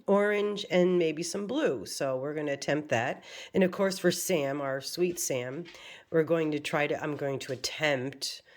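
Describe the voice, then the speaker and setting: An American woman with a low-pitched voice talks through her craft project in a loose, rambling vlog. She is self-deprecating and keeps chuckling at her own efforts. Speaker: crafting vlogger. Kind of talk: casual chat.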